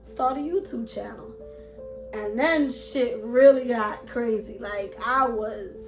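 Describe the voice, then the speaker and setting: A woman, telling her story to camera in an animated way and acting out her old thoughts with swearing. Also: a little high, slow. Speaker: vlogger and self-published author. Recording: echoey room with music playing behind.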